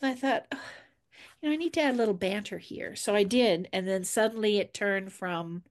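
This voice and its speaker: The author talks casually about her books in a mid-range voice at a slightly quick pace. As she tells a story, she acts out the quoted dialogue.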